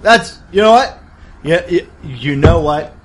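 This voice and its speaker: A man's voice: fairly high pitch, lively intonation, unhurried, background noise. A man playing a tabletop game in character, sarcastic and blustering, often laughing. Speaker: player.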